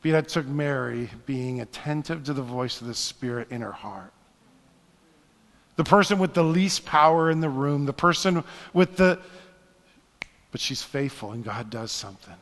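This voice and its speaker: A married man preaching a sermon, telling a story with hushed asides and building to fervent exhortation. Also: medium pitch, animated, moderate pace, long reverb tail. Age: adult, married. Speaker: pastor.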